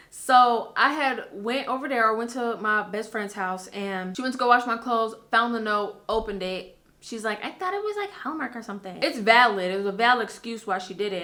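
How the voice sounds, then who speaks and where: A woman's voice: medium pitch, bright, forceful tone. A young woman in her twenties, telling a personal story in a candid, casual vlog, with frequent fillers and swearing. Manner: candid, chatty, swears freely, lots of fillers. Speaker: YouTuber.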